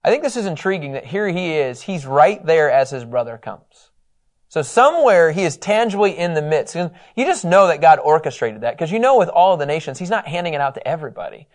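Bible teacher, male, higher voice, lively, talks it through casually. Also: brisk. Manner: animated, conversational, acts out quotes.

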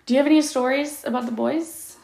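A woman's voice: sits high, fairly even intonation, fairly quick, gravelly, over a noisy crowd. A woman in her thirties hosting a casual podcast interview, telling stories with a laugh and lots of fillers. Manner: chatty, laughing storyteller with many fillers. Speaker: podcast host. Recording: echoey room.

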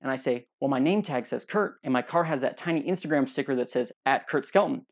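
A young man hosts his own podcast, speaking in a mid-range voice at a fairly quick clip. He's animated as he tells a funny personal story, acting out the lines other people said.

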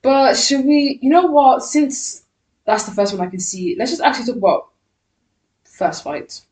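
A woman's voice: high voice, lively intonation, darkish tone, distant mic. Young female podcast co-host, chatty, teasing, roomy sound. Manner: chatty, teasing, quick interjections. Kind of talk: casual chat. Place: room with ring light, podcast set. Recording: echoey room.

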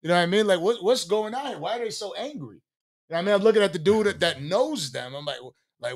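A man from Buffalo, New York, telling a long, animated story in casual chat, swearing freely. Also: high voice, fast. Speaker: podcast co-host.

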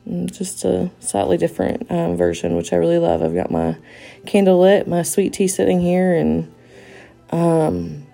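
A woman's voice: on the low side, animated, unhurried, creaky, warm tone, soft background music. A woman hosting a podcast in a casual monologue, rambling with lots of fillers and restarts. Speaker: podcast host.

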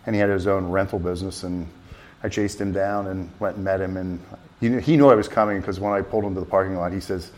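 A man telling a long story in an interview, rambling and animated with many restarts. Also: deep voice, fast talker. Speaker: festival volunteer driver.

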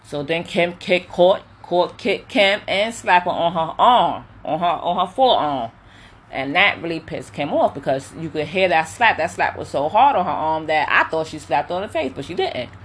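A chatty woman with a slightly low voice, giving her frank opinions as she recaps a reality show episode. She talks casually, scattering um and you know through her sentences. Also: moderate pace, slight background noise. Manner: chatty, opinionated, animated retelling with quoted voices; many fillers like um and you know. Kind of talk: casual chat.

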